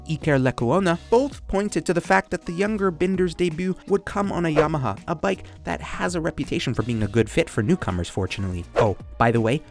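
A man hosting a motorsport video, delivering scripted commentary full of sarcastic jokes. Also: mid-range voice. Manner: joking, sarcastic asides. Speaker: YouTube motorsport channel host.

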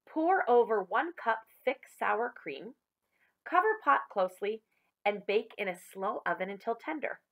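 A woman's voice: a little high, animated, a little slow. A woman reading aloud, voicing a cheerful mother who firmly keeps to the rules of a bet. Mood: reading recipe. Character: warm, proud mother cooking for her son. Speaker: referee of a bet.

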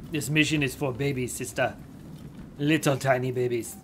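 A gaming channel host giving let's-play commentary, loud and exclamatory, yelling at enemies and making sarcastic asides. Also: medium pitch, steady tone, normal speed, a little hiss or hum.

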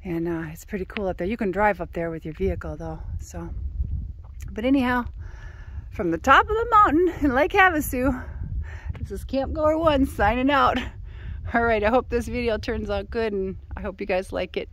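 A woman's voice: on the high side, moderate pace, fairly bright tone, a little hiss or hum. A woman filming a casual vlog outdoors on a mountaintop, slightly out of breath and chatting to her viewers on a handheld camera. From Arizona. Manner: chatty, talks to her dog. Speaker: vlogger.

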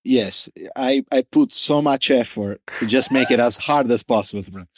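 A man being interviewed about the brand he founded, talking casually and haltingly, often restarting as he searches for words. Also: medium pitch. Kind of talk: casual conversation.

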